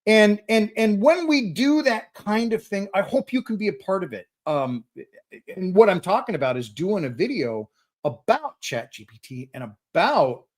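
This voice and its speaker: A middle-aged man chats through a live Q&A, his pitch rising and falling with lively swings. He rambles eagerly, stacking repeated words before each thought gets going. It sounds like a casual home hobby space. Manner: excitable, rambling, repeats words when starting sentences. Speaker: host. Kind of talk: live-stream Q&A chat.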